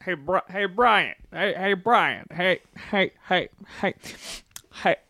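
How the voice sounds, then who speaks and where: A man putting on a high, dim-witted cartoon dad voice, chuckling and repeating himself in podcast banter. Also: takes it slowly, sharp tone, no room sound, clean studio sound, full character voice. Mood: pestering. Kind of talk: comedic impression in podcast banter.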